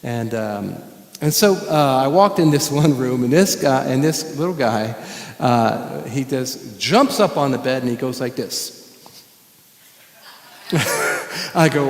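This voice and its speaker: A man's voice: medium pitch, slow, long pauses. Chuckling storyteller man in an echoey church. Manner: animated storyteller who chuckles often. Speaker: guest musician and speaker. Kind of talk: storytelling talk to a congregation. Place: church sanctuary. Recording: echoey hall with long reverb.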